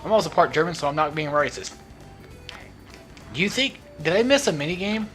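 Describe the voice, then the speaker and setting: A man's voice: a little high, animated, a little fast, fairly bright tone, faint music behind. A young man giving casual, rambling gaming commentary at home, joking and laughing as he drifts off topic. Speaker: let's play host. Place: at home, not alone.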